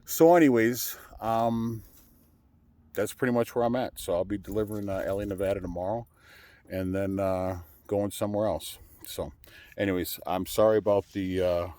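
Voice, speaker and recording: A man's voice: lowish voice, fairly even intonation, moderate pace, mellow. A man, a truck driver, chatting casually to his viewers in a rambling way, full of fillers and restarts.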